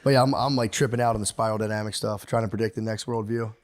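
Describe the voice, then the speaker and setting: A man's voice: lowish voice, steady tone, quick pace, a little hiss or hum. Rambling, profane male podcast host. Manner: rambling, profane, acts out quotes in put-on voices. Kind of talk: casual podcast chat.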